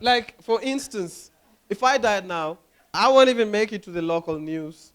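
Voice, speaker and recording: A young man from Kenya, doing an animated stand-up comedy routine on stage, often dropping into silly voices and impressions. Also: sits high, normal speed. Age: young adult.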